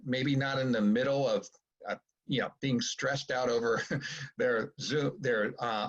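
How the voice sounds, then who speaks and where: A middle-aged man lectures parents in a relaxed, coaching way, and his voice jumps up when he acts out what parents and children say. His voice is a little husky and breathy. The sound is dull and lo-fi, like a video call. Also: medium pitch. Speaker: psychologist giving a parent talk.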